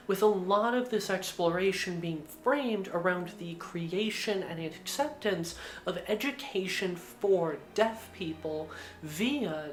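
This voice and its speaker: A woman's voice: lowish voice, a little hiss or hum. A woman narrating a video essay in a casual way, with lots of filler words. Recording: roomy echo.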